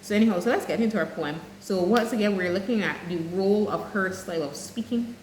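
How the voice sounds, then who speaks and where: A woman's voice: mid-range voice, brisk, darkish tone, a little hiss or hum. Woman teacher, echoey room. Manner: clear, explanatory, addresses students directly. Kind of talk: online English lesson. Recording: echoey room with faint ambience.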